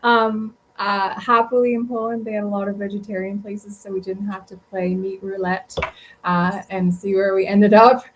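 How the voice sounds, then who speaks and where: A woman's voice: medium pitch, flat delivery, moderate pace, background noise. A woman guest telling travel stories in a casual interview, chatty and rambling with many fillers. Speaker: guest author.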